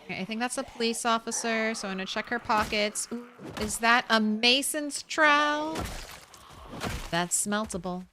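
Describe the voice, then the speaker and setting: A woman's voice: fairly high pitch, normal speed, noisy background. A woman streamer chatting casually while she plays, thinking aloud and laughing easily. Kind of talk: casual gameplay commentary.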